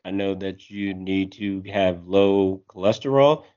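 Dry sarcastic guy, low-ish voice, podcast chat, muffled lo-fi. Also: measured pace, dark tone, smooth. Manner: matter-of-fact, dry and sarcastic. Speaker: podcast co-host. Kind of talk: casual chat. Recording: dull lo-fi sound.

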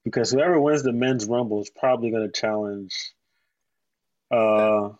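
A man's voice: lowish voice, fairly even intonation, normal speed, darkish tone, no room sound. A man in casual chat about wrestling picks, joking and using slang. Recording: dull, lo-fi dry sound.

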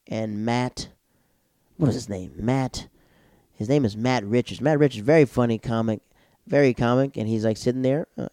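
A young man comedian telling a rambling, animated story and reviewing a show in a casual chat. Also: mid-range voice, normal speed, no room sound, studio quality. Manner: rambling, animated, acts out quotes. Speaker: comedian vlogger.

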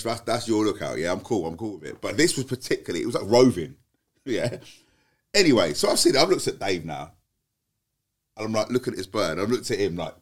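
A man telling a rambling, sweary anecdote on a podcast, laughing as he goes. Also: lowish voice. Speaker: podcast co-host. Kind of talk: casual storytelling chat.

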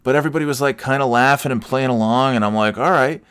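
A man's voice: mid-range voice, fast talker, a bit bright, clear, resonant tone. A man telling a casual personal story, rambling with many restarts and swearing freely with self-mocking humor.

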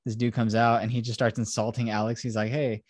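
A man's voice: mid-range voice, little pitch movement, a little fast, no echo, studio quality. A man hosting a podcast, casually retelling a film plot, acting out quotes and swearing freely. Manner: casual, profane, acts out quotes. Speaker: podcast host.

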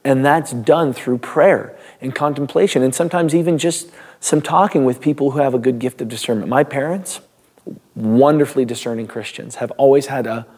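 Pastor giving a casual devotional. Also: male voice, medium pitch, moderate pace, darkish tone, breathy edge. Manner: reads scripture, then talks loosely with restarts and small laughs. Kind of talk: devotional Bible teaching.

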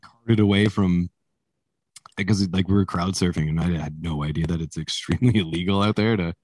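Lowish guy rambling through band stories, swears a ton, dry close sound. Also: fairly quick, a little mellow, dry recording. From Canada. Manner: rambling, swears a lot, laughs while telling stories. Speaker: musician guest. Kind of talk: casual interview chat.

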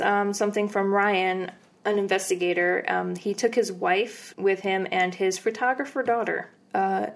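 A woman co-hosting a podcast, casually recounting ghost stories with fillers and easy laughs. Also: mid-range voice. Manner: relaxed, rambling with fillers and laughs. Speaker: podcast co-host. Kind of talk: casual storytelling chat.

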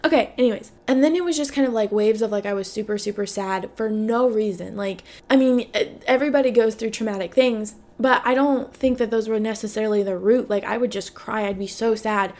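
With a medium-pitched, darkish voice, this woman in her twenties talks briskly with hardly any pauses. She hosts a podcast and, despite the hiccups, speaks openly about her life, peppering it with "like" and free swearing.

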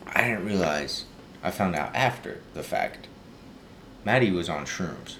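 A young man recounting a party story to a friend in a low, laid-back voice. He acts out what people said along the way. A faint background noise sits under the recording. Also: animated, unhurried. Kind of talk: casual chat.

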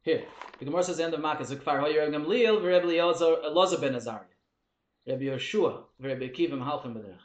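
A man teaching a Talmud lesson in Yeshivish English, talking fast and animated, swinging between loud exclamations and low asides. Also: reverberant. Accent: Yeshivish English with Hebrew and Yiddish terms. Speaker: Torah teacher.

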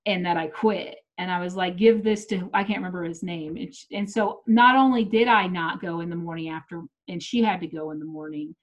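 A woman's voice: lowish voice, fairly even intonation, fairly quick, hardly any pauses, muffled recording. A middle-aged woman chatting casually and telling blunt, profane stories. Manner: blunt, swearing storyteller. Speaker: comedian. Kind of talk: casual unedited chat.

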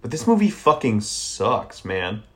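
A man's voice: mid-range voice, very animated, a little slow, fairly bright tone. A man from the American South co-hosting a movie podcast, giving blunt, sardonic and profane takes on films. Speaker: podcast co-host. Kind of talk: casual movie podcast chat.

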